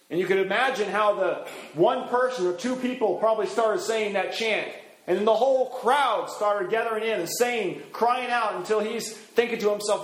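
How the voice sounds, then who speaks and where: Male preacher, conversational teaching sermon, high voice, echoey room. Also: moderate pace. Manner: conversational, acts out quotes. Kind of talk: expository sermon.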